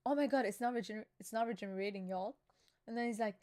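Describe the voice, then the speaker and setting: A young woman hosting a casual live reaction chat, talking excitedly and emotionally with slang and lots of fillers. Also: a little high, fast. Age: young adult. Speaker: channel host reacting to a manga chapter.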